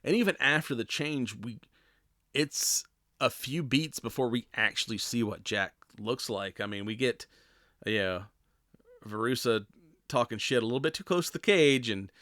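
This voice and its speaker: A man's voice: medium pitch, normal speed, a bit bright, no echo, clean studio sound. A man hosting a podcast alone, recapping a movie in a casual, rambling way, full of fillers and offhand swearing. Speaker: podcast host.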